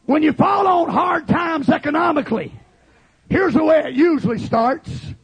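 A man preaching a fiery Pentecostal revival sermon, shouting and calling the congregation to respond. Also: very high-pitched, normal speed, vocal fry.

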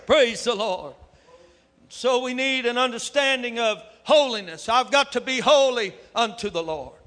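A man preaching a sermon with fervor, his voice building up to shouts. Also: extremely high pitch, a little slow. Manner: fervent, rising to shouts. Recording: echoey hall with long reverb.

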